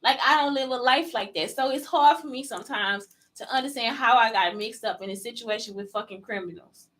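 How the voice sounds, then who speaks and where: A woman's voice: fairly high pitch, a little fast, a bit bright, poor audio. A woman hosting a casual solo podcast, blunt and profane, firing rhetorical questions straight at her listeners. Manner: talks straight to listeners as "y'all". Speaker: podcast host.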